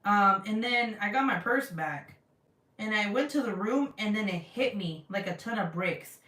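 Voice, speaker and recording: A woman's voice: medium pitch, moderate pace. A young woman vlogger telling a story in casual, profane chat, acting out the people she quotes. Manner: animated, profane, acts out quotes in her retelling. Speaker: craft vlogger. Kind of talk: casual storytelling chat, reading live comments. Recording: roomy sound from a distance.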